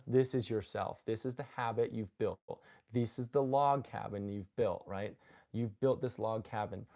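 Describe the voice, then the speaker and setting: A man hosting a live stream on spirituality, talking casually and earnestly, often restarting his sentences. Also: mid-range voice. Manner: rambling, self-correcting, earnest and animated. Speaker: host of a live spiritual talk. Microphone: phone.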